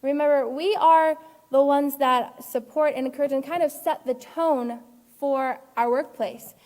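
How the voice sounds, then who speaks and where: A woman's voice: high-pitched, steady tone, measured pace, a little mellow, long reverb tail. A woman teacher giving an online character-education lesson in an earnest, encouraging way. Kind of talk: live online class lesson.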